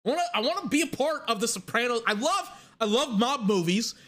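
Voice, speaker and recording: High, bright-voiced man ranting casually. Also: brisk. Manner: rambling, animated, frequent restarts and fillers. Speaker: vlogger reviewing a TV series. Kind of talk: casual rant to camera.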